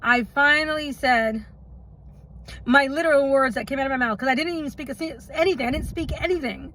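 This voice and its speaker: A woman's voice: high voice, a little fast, fairly bright tone, poor audio. A woman telling her own life story in a casual storytime vlog, chatty and rambling, often stopping for asides and laughs.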